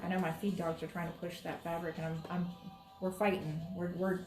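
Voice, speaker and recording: A woman's voice: lowish voice, flat delivery, fairly quick, music in the background. A woman teaching quilting in a casual demonstration, chatty and reassuring as she talks while she works at her sewing station. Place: sewing room, moving between workstations.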